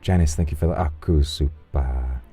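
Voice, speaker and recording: A man's voice: very deep voice, normal speed, slightly rough, soft background music. A man streaming, casually reading out donations in a teasing, flirtatious, rambling way. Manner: relaxed, rambling, with fillers.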